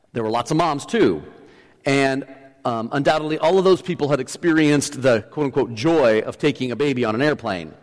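A middle-aged male pastor preaching a sermon, telling a story with restarts and building to emphatic points. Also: mid-range voice. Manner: storytelling, often restarts, rises to emphatic peaks. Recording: long hall reverb.

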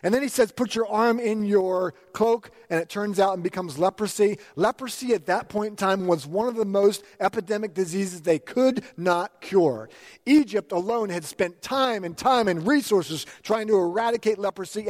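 A man preaching a sermon to a congregation, lively and animated, acting out quoted lines with big jumps in his voice. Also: sits high, moderate pace, in a large hall. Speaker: pastor.

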